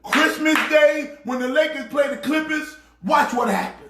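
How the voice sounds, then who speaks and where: A man playing a loud, excitable pastor ranting about sports teams. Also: very high-pitched, normal speed, roomy sound, noisy background. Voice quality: preachy, shouting rant. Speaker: comedic sports pastor character. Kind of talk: comedic sports rant.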